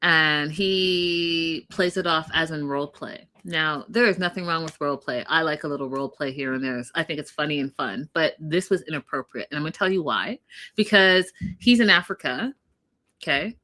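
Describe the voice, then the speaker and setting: A woman's voice: low voice, moderate pace, bright, forceful tone. A woman co-hosting a casual recap chat, talking in a blunt, emphatic way and swearing freely. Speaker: podcast co-host.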